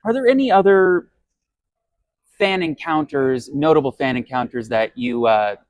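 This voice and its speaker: A man's voice: medium pitch, animated, normal speed, no room sound. Dry-voiced male interviewer. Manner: brief, plain questions. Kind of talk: convention interview.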